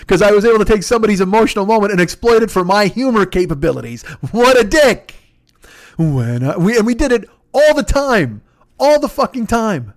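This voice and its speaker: A man's voice: sits high, very animated, a little fast, dry recording. Profane rambling man, dry sound. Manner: profane, rambling, self-mocking, many restarts. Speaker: podcast host. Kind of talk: casual storytelling monologue.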